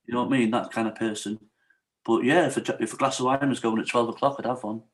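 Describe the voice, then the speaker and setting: A man's voice: mid-range voice, fairly even intonation, fast. A middle-aged man, a podcast guest telling his own hard story frankly and with feeling, often checking in with "you know what I mean?". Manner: frank and emotional, retells what others said to him. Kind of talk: candid personal storytelling in an interview.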